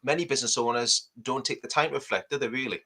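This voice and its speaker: Bright, upbeat podcast host. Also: male voice, medium pitch, quick pace. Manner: upbeat, animated host patter. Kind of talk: casual podcast chat.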